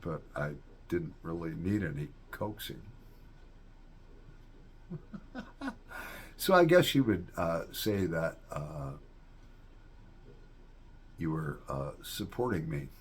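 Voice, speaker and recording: A man's voice: low voice, very animated, slow pace, long pauses, slight background noise. A man in a folksy, rambling casual chat to viewers, often tossing in "all right?" asides. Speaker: vlogger.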